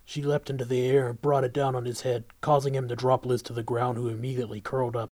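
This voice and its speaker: A man narrating a fantasy story in a steady, even voice at a middle pitch. The recording is close and dry, with no room sound. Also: quick pace, dry recording. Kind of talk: audiobook narration.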